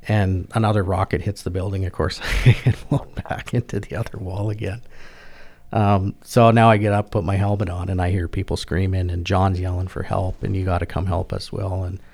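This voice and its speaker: Middle-aged man, very deep voice, monotone delivery, halting and plain-spoken. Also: creaky. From Canada. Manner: halting, repeats and restarts words, plain-spoken. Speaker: guest, military veteran. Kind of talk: personal storytelling in a podcast interview.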